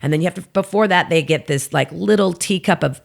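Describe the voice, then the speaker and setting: A woman's voice: lowish voice, a little fast, vocal fry. A woman comedian telling stories from her work in a casual podcast chat, laughing as she goes and acting out the people she quotes. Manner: animated storyteller, laughs mid-sentence, acts out quoted people; frequent "like" fillers. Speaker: comedian guest.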